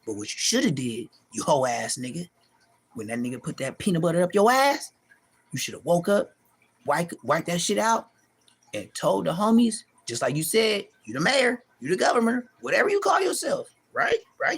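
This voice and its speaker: Gravelly, animated man ranting. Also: brisk. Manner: animated, profane, taunting, pitch leaping high in mocking bursts. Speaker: street vlogger. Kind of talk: heated callout rant to camera.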